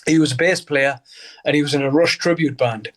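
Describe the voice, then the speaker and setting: A man's voice: a little high, fairly quick, fairly bright tone. An older man from Newcastle with a Geordie accent, a guest musician telling stories in a casual interview. He swears freely, laughs often and acts out the voices of people in his stories. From Newcastle, England.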